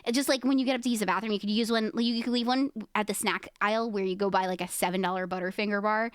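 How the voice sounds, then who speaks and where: A woman's voice: medium pitch, steady tone, very fast, clear, resonant tone, dry recording, clean studio sound. A woman streaming and chatting casually with her viewers, rambling and giggling as she talks to chat.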